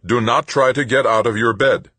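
A man voicing a synthesized hospital computer that repeats flat commands. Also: medium pitch, normal speed, no room sound, voice pushed up, lightly acted. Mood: insistent.

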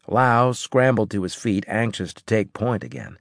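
A man reading a first-person science fiction audiobook in a gruff, clipped way. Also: fairly low pitch, moderate pace, dry recording, clean studio sound. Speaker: audiobook narrator.

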